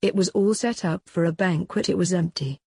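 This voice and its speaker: A woman narrating a story aloud in an even, unhurried way, with a husky voice. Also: fairly low pitch, no room sound, clean studio sound. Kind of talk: storybook reading.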